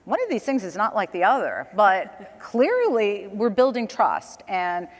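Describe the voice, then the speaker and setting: A woman's voice: mid-range voice, sing-song, unhurried, long reverb tail. A woman speaking as a guest on a conference panel, a chatty storyteller who laughs between her points. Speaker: panel guest, communications director. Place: conference stage.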